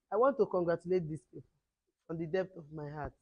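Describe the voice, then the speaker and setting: A middle-aged woman with a hoarse voice, leading children at a camp in lively call-and-response. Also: lowish voice, quick pace, highs cut off, background noise. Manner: animated, call-and-response, mixing two languages. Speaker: camp teacher.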